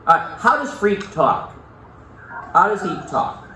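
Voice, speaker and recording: Lively male teacher in an echoey classroom. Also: high voice, a little slow, a crowd in the background. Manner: animated, repeats key points, asks the class questions. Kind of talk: reading a novel aloud to a class. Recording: echoey classroom, mic far off, faint noise.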